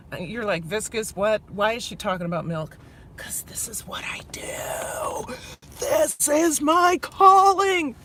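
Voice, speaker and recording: A woman's voice: fairly high pitch, bright, forceful tone, slight background noise. A woman with a Minnesota accent chatting casually to viewers on a live stream from inside her car, rambling from one thought to the next. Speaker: vlogger.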